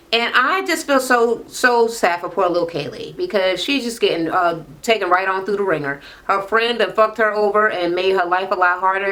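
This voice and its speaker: Recapping a reality show on an on-camera mic, a young woman is blunt, sassy, and swears heavily in casual talk. Her voice is mid-range with a fairly bright tone.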